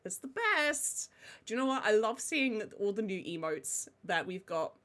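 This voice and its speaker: A woman's voice: medium pitch, animated, moderate pace. A woman, chatting casually on a live stream and greeting viewers one by one by name.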